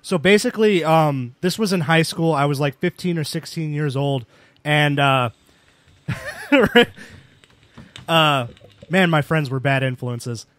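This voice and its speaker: A man's voice: a little high, unhurried, pauses often, a bit bright. A young man casually telling rambling anecdotes with lots of fillers as a podcast co-host. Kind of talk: casual storytelling chat.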